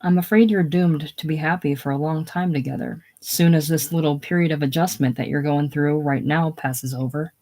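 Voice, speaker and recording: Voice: medium pitch, steady tone, moderate pace, hardly any pauses, a little mellow, close to an everyday voice. Fatherly older friend, soothing and coaxing, voiced by the reader. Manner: coaxing, reassuring. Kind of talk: casual play reading.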